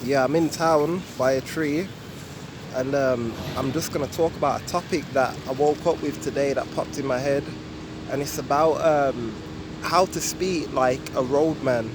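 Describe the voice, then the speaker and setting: A man's voice: medium pitch, moderate pace. A young man with a Birmingham accent, casually explaining a topic in a musing way full of ums and restarts, recorded outside in town. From Birmingham, England. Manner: laid-back, musing, many ums and restarts. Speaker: vlogger. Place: outdoors in town by a tree. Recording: outdoor street noise. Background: street traffic.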